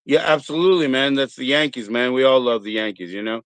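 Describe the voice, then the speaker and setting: A man's voice: mid-range voice, fast, fairly bright tone, smooth, no echo. A man in his thirties hosting a livestream, rambling and joking crudely in a casual chat. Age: 30s. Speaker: streamer host.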